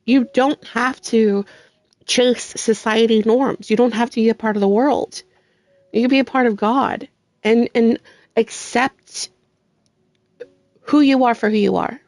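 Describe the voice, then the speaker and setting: A woman's voice: a little high, steady tone, measured pace, long pauses, a little mellow, no echo. A woman gaming streamer giving earnest, heartfelt encouragement to her viewers. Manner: earnest, sincere, with faith talk.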